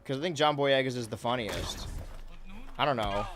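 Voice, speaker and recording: A man's voice: mid-range voice, moderate pace, crowd noise. Rambling, swearing male game streamer. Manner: rambling, swears freely, reads chat aloud. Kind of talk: casual let's-play commentary.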